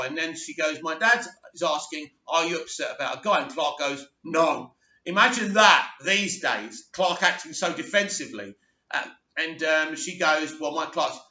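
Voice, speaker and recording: A man's voice: a little high, bright, forceful tone. A man casually recapping a TV episode, retelling scenes and quoting lines with many fillers and restarts. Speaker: TV reviewer. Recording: echoey room, dull lo-fi sound.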